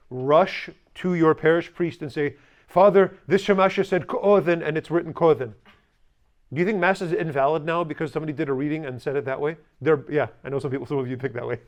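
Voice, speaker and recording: A man teaching a language class, stressing points emphatically, drilling pronunciation with students and slipping in dry jokes. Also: a little high. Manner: dry humorous asides.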